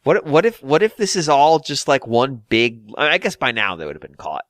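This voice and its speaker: A man hosting a podcast, chatting casually with quick jokes and asides. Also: mid-range voice, no echo, clean studio sound. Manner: animated, jokey, quick asides and impressions. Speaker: podcast host. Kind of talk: casual comedic podcast chat.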